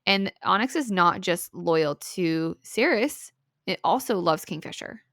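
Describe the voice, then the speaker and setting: A woman recapping a story for her co-hosts in a loose, animated podcast chat, leaning on "like" and "right?" as she goes. Her mid-range voice carries a gravelly, fried texture, and the recording is dry and close. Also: fairly low pitch, a little slow, dry recording. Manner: animated retelling, lots of "like" and "right?". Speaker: podcast co-host. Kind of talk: casual book-review chat.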